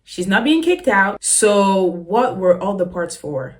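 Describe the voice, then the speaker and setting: A woman's voice: medium pitch, expressive, slow pace. A woman hosting a reaction vlog, talking casually to her viewers with teasing asides and frequent laughter. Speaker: reaction channel host. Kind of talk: casual commentary to camera.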